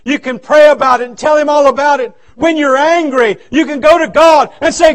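A male pastor preaching a revival sermon in a church, swinging from loud shouts to low, quiet stretches. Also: steady tone, brisk, hardly any pauses.

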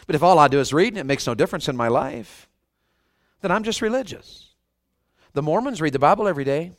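A man's voice: high-pitched, sing-song, fast talker, dry recording. A man with a Southern US accent preaching a fervent revival sermon, often putting questions to the congregation. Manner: fervent, asks the crowd questions.

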